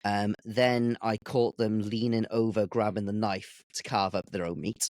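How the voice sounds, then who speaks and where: A man who works as a chef, a guest on a podcast, telling anecdotes in a relaxed, casual way. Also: fairly low pitch, unhurried, no echo. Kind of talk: casual chat.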